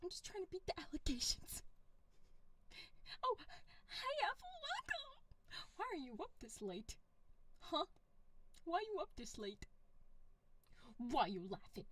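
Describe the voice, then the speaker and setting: A woman's voice: extremely high pitch, very animated, measured pace, long pauses, a bit bright. A woman streaming live, chatting casually and playfully with her chat, with a stuffy nose. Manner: playful and giggly, reads chat aloud, mock-defensive.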